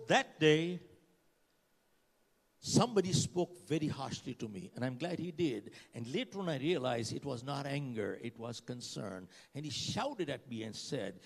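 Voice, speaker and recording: With a gravelly, medium-pitched voice, an older motivational speaker addresses a live audience in a conference hall during a keynote. The recording has reverberant hall sound, and he tells stories dramatically, acts out dialogue, and puts questions to the crowd.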